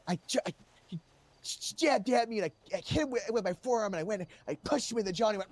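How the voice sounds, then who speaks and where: A man speaking in character as a police officer, telling a long story in an animated way and raising his voice when he quotes people. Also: sits high, quick pace. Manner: animated, raises voice when quoting others. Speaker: role-play player as police officer. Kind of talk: in-character role-play storytelling.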